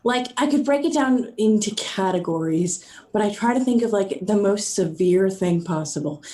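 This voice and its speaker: Mellow-voiced woman chatting casually. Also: mid-range voice, expressive, normal speed. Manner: chatty, easygoing, laughs often. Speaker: podcast cohost. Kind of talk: casual chat.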